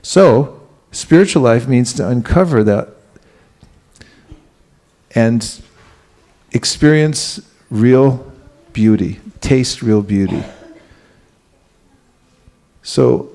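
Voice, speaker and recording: A man giving a relaxed, conversational spiritual talk, asking the audience questions and chuckling now and then. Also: mid-range voice, extremely slow, pauses often. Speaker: spiritual teacher giving a class. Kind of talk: conversational sermon.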